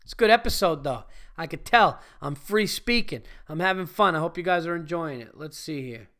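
A man's voice: a little high, lively intonation, a little fast, sharp tone. A man hosting his own podcast, talking alone in a loose, profane, rambling and jokey way. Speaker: podcast host. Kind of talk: casual solo podcast monologue.

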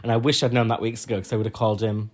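A man from Huddersfield with a Yorkshire accent, co-hosting a casual podcast chat, telling stories with deadpan jokes. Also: on the low side, rapid-fire. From Huddersfield, England. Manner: chatty storyteller, deadpan jokes. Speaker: podcast co-host.

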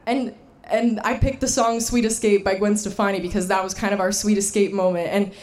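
A woman telling a personal story to a live audience, animated and emphatic, laughing now and then. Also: medium pitch, fairly quick.

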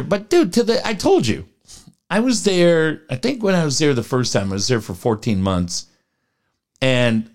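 A man co-hosting a sports radio show, chatting casually, telling stories with lots of swearing and acted-out quotes. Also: mid-range voice. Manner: animated storyteller, swears freely, acts out quoted voices.

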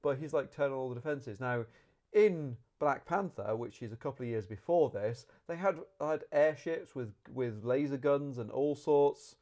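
A man reviews a film in loose, casual chat. He is animated and rambles, often stopping mid-sentence to rephrase. His voice is dark and mellow. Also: medium pitch, moderate pace. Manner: rambling, animated, self-correcting.

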